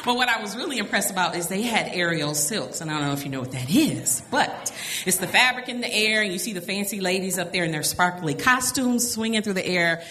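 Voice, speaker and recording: A middle-aged woman telling a personal story to an audience, animated and laughing often between lines. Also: mid-range voice, a little fast.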